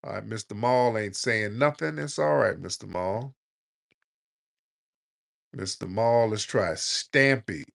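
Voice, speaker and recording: A man's voice: on the low side, slow, vocal fry, pauses often, fairly bright tone. A man hosting a late-night call-in audio chat, talking in a loose, joking, blunt and slangy way. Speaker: host of a live audio chat room.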